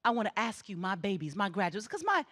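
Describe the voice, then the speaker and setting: A woman's voice: medium pitch, very animated, fast, a bit bright. A middle-aged woman giving a spirited commencement address on a theatre stage, with an emphatic preaching cadence and repeated exhortations. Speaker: graduation ceremony speaker.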